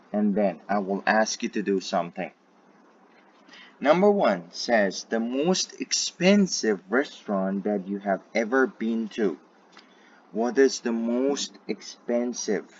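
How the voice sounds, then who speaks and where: A man's voice: lowish voice, breathy edge, dull audio. A man teaching an English grammar lesson to his students in a self-recorded video, repeating each point and checking in with "right?".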